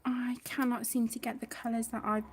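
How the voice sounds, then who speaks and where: A British woman hosts a chatty craft livestream from home, a little flustered, talking to herself as she works and fondly calling viewers sweetheart. Her voice is on the high side with little pitch movement, her pace is fairly quick, and there's a little hiss or hum.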